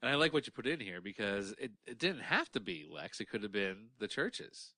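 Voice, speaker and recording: A man with a bright voice and a very lively pitch rambles animatedly through his point, restarting his sentences often. The sound is dry and close. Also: a little fast, dry recording. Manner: animated, rambling, full of fillers. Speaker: podcast co-host. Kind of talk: casual chat.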